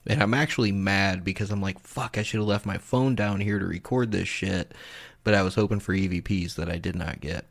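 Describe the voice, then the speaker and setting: A young man hosting a podcast, casually narrating and explaining audio clips, blunt and quick to swear. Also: deep voice, fairly even intonation, creaky.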